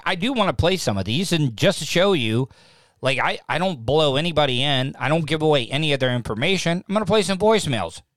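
In a lamp-lit home studio, a man hosts a casual live-stream podcast, speaking into a desk mic run through a mixing board. His voice sits fairly high and a bit bright, and the recording is dry. He rambles, pokes fun at himself, and often repeats himself.

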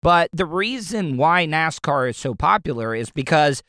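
Middle-aged male radio host from Florida; profane solo rant, stumbly; smooth tone, raised pitch. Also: lively intonation, normal speed, pushed and bright, dry recording, clean studio sound. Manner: ranting, profane, stumbles and repeats words.

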